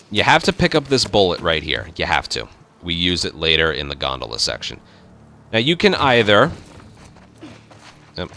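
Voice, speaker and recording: Brief: relaxed male gaming host, lowish bright voice, talks viewers through a run step by step. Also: slight background noise. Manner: relaxed, explaining step by step with fillers. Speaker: speedrun tutorial host. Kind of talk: casual game commentary.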